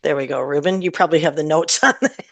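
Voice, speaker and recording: Gravelly-voiced chatty woman. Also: deep voice, quick pace, no room sound. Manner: chatty and warm, laughs often, rambles with fillers. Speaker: singer-songwriter guest. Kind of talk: casual interview chat.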